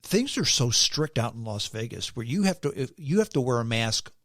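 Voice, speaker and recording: A man's voice: mid-range voice, very animated, moderate pace, dry recording. Guy hosting a podcast, easygoing chatty storyteller, dry close sound. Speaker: podcast host. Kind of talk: casual chat.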